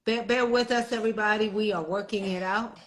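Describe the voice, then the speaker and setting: This woman, middle-aged, co-hosts a live stream as executive director, chatting casually on a video call with poor audio. Her medium-pitched voice is fairly even and a little fast, and she laughs frequently amid fillers and restarts.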